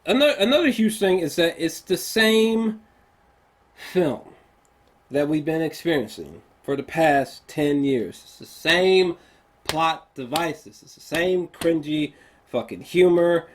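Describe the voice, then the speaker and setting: A man's voice: fairly high pitch, lively intonation, slow pace. A man giving a casual spoken film review, ranting in exasperation, swearing often and stumbling through many fillers. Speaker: movie reviewer.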